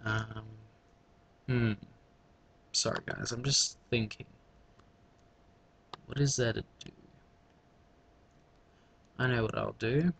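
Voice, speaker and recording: A man's voice: medium pitch, fairly even intonation, takes it slowly, creaky, pauses often, a bit bright, a little hiss or hum. A man giving casual gameplay commentary, rambling through mumbled asides to his viewers. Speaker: let's play gamer.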